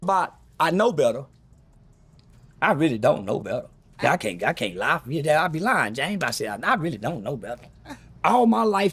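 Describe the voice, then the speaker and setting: A man with a fairly high, gravelly voice tells a long story in an interview clip. His tone is husky and a little rough. He acts out what other people said in a lower voice as he goes. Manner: animated storyteller, acts out quotes in a deep voice. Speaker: guest telling a story.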